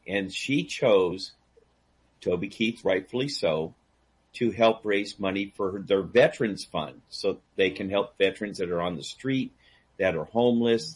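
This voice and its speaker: A man telling a long story in casual chat, animated and laughing, acting out the people he quotes. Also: lowish voice, slightly rough. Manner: animated, acts out quoted voices, laughs a lot. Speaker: guest storyteller; DJ and karaoke host. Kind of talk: casual storytelling on a call-in talk show.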